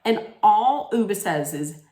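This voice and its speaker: A woman's voice: medium pitch, animated, unhurried, dark tone. A woman ranting in a casual recap vlog, blunt, scolding and full of profanity. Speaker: reality TV recap vlogger. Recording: echoey room.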